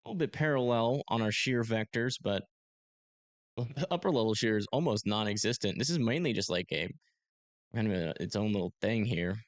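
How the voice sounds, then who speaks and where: A young man hosting a live storm-tracking stream, talking casually and haltingly with many fillers as he reads radar. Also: on the low side, expressive, no room sound. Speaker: storm-tracking livestream host. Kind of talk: live weather commentary.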